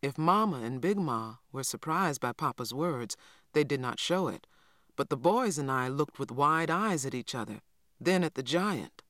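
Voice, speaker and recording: A man reading a children's novel aloud in steady scripted narration. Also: mid-range voice, normal speed, no echo, clean studio sound. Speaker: audiobook narrator.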